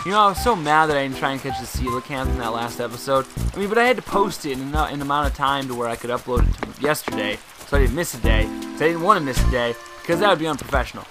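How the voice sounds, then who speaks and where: A young man giving chatty let's play commentary as the host of a gaming video, rambling along and bursting into excited shouts, with game music behind him. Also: mid-range voice, quick pace, hardly any pauses.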